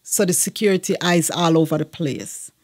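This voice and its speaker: A woman's voice: on the low side, normal speed. Earnest woman telling her story. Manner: earnest, with frequent fillers. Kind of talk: personal testimony storytelling.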